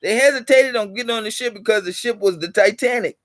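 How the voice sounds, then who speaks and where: A man's voice: high-pitched, quick pace, a bit bright, no room sound. A man hosting a vlog who talks in a preachy, repetitive way, driving points home with allegorical stories. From United States. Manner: preachy, repeats points for emphasis. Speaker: channel host. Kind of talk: motivational vlog talk.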